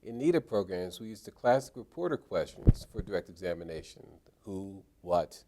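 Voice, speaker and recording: A middle-aged man teaching trial lawyers, explaining questioning techniques in a measured way. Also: low voice, animated, very noisy. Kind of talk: instructional talk.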